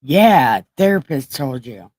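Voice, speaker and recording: A woman's voice: rumbling low, very animated, slow pace, darkish tone, dry recording. A woman hosting a casual livestream, reading scripture in a rambling, profane, self-mocking way. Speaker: livestream host.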